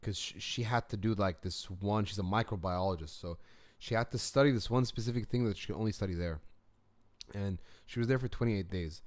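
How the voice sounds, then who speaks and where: A young man hosts a live comment stream from home, talking in a quick, chatty and excitable way. His voice sits a little low. The sound is close and dry, with no room around it. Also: no echo. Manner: excitable, chatty, laughs easily. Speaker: reaction channel host. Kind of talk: casual live chat reacting to comments.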